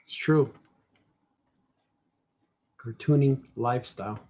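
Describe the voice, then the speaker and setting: A man's voice: medium pitch, slow pace, darkish tone. A man cartoonist thinking aloud in a casual drawing vlog, rambling and muttering to himself as he works. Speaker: cartoonist and comic shop host.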